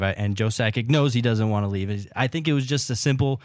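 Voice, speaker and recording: A man's voice: mid-range voice, fairly quick, dry recording, studio quality. A man co-hosting a sports podcast, chatting and steering the conversation to the next topic. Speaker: podcast co-host. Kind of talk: casual sports podcast chat.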